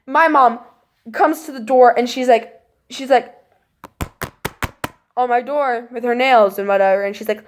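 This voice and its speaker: A young woman casually recounting a spooky childhood story, acting out voices and gestures and dropping to a hush at tense moments. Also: on the high side, measured pace, pauses often, a little hiss or hum. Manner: animated, acts out voices and gestures; drops to hushed tones at tense moments.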